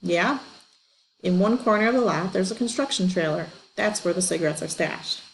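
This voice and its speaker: A scrappy, scheming young boy, as a woman reader puts him on, with an earnest, pleading tone. The voice sits a little low, and a faint hiss runs under the reading. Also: expressive, normal speed, gravelly, poor audio.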